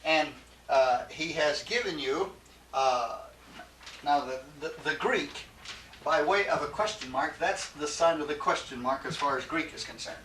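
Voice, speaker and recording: A man teaching a Greek class, patient, repeating his questions and laughing gently. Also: fairly high pitch, a little slow. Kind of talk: classroom lecture. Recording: echoey classroom from far off, faint hiss.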